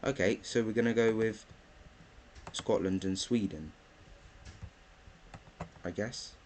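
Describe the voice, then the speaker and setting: A man's voice: on the low side, takes it slowly, a little hiss or hum. A young man, chatting casually through his football predictions, thinking aloud with lots of ums. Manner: rambling, thinks aloud with many ums, bursts into excited chanting. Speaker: football vlogger.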